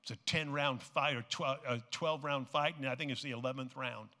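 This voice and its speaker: A man preaching a sermon. He swings from hushed tones to shouting and repeats phrases for emphasis. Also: mid-range voice, steady tone, fairly quick. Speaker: pastor. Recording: long reverb of a large hall.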